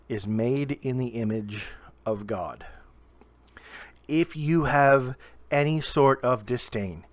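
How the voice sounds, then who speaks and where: A young man from Southern Ohio giving a short video sermon to camera, earnest and emphatic, slowing down and pausing to stress key words. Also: medium pitch, dry recording. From Southern Ohio, USA. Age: young adult. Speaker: preacher.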